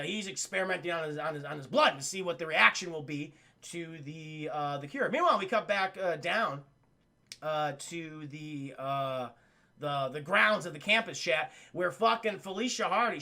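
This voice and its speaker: A man streamer casually recapping a story to his chat, rambling, profane and excitable. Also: fairly high pitch.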